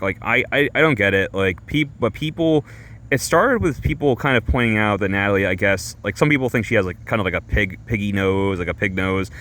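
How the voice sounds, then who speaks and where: A man streamer telling a rambling comic story, halting and full of fillers and restarts. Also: lowish voice, a bit bright. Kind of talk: rambling comedic monologue.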